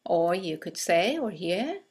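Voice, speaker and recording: A woman narrating a scripted English conversation lesson, reading example greetings aloud with slow, clear delivery. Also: fairly low pitch, big pitch swings, a little mellow. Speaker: English teacher.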